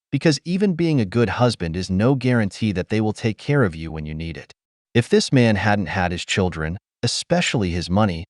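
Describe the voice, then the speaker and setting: A man narrates scripted commentary in a lecturing, preachy tone. His low voice rises and falls widely, and the recording is dry and close. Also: darkish tone, dry recording.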